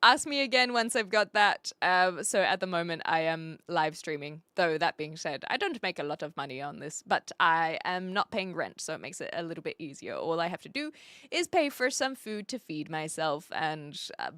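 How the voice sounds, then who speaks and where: A woman with a New Zealand accent chats casually with her viewers on a live stream, rambling and laughing often as she reads their messages. Her voice is bright and clear. It sounds close and dry, with no room echo. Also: deep voice, animated, normal speed. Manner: chatty and rambling, laughs often, self-deprecating.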